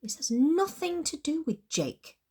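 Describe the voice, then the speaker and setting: A woman's voice: on the low side, lively intonation, a little fast, breathy edge. Defensive, stammering overworked woman, grumpy, as read by a woman.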